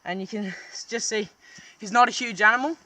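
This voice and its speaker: A man's voice: high voice, brisk, bright, forceful tone. A young man explaining wildlife outdoors at night, strained and breathless from holding down a struggling animal, recorded on a camera around his neck. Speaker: wildlife vlogger. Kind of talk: excited on-the-spot wildlife explaining. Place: outdoors at night near a beach. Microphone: camera hung around his neck.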